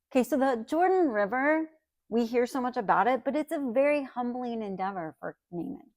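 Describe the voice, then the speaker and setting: A woman's voice: on the high side, lively intonation, moderate pace, a little mellow, no echo, studio quality. Conversational woman Bible teacher. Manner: conversational, frequent "right?" check-ins.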